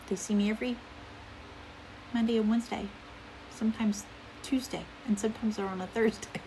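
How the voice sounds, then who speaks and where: A woman's voice: a little high, fairly quick, pauses often. Woman, middle-aged, chatty home vlogger, rambles with fillers, faint room hiss behind. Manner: talking quietly at times. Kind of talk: casual haul video chat.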